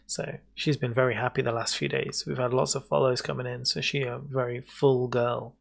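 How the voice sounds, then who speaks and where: Playing a game on a casual livestream, this British man banters with viewers in a loose, jokey way. He speaks at medium pitch and normal speed, level and creaky, with few pauses.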